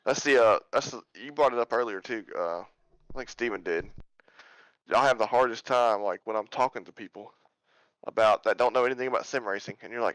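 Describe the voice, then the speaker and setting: Talking fast in a medium-pitched, fairly bright voice, a man who races in a sim league tells easygoing stories during a casual podcast chat. The recording is dry but rough.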